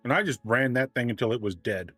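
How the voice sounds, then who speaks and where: A man casually telling a long story on a livestream, ranting and animated, often restarting his sentences. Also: medium pitch, fast, no echo, faint music behind.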